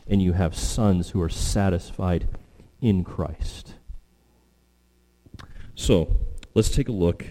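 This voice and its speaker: A man delivering a sermon from the pulpit, his voice low-pitched and mellow. He speaks with emphasis, climbing sharply in pitch when quoting. A long hall reverb trails every phrase. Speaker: pastor.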